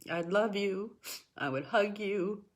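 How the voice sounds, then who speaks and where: This spiritual talk show host is a middle-aged woman with a mid-range voice and a slow pace. Her talk to viewers is emotional and personal; she encourages them earnestly, repeats points for emphasis, and becomes tearful at times.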